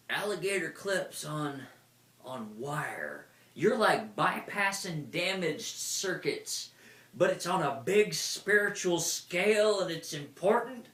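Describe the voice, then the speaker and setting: A man's voice: on the high side, animated, slow, fairly bright tone, distant mic, pitched above the performer's own voice. A man voicing a blunt, impatient female oracle who orders people around and curses freely. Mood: insistent. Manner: commanding, profane, impatient. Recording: roomy echo.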